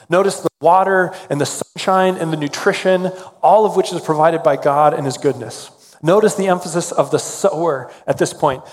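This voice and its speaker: A man's voice: fairly high pitch, darkish tone. A man preaching a sermon as pastor, earnest and conversational, with casual fillers between points. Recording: long hall reverb.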